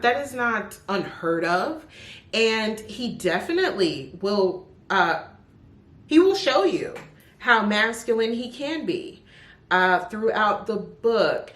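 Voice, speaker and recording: Woman, Jamaican accent, unhurried, echoey home room, chatty and emphatic. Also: medium pitch, expressive, fairly bright tone. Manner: chatty and emphatic, with drawn-out stresses. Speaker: book vlogger. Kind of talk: casual book review.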